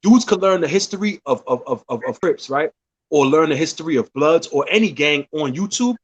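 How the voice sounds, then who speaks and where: Male guest, husky, slightly high, reflective and hesitant, muffled audio. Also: expressive, fairly quick. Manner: reflective, searches for words, hedges with fillers. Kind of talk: casual street-talk podcast chat. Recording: dull lo-fi audio.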